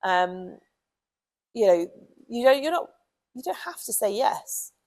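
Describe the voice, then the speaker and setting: A woman's voice: a little high, lively intonation, slow, a little mellow, poor audio. A British woman who trains dogs, giving chatty, casual advice with plenty of ums and you knows. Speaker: dog trainer.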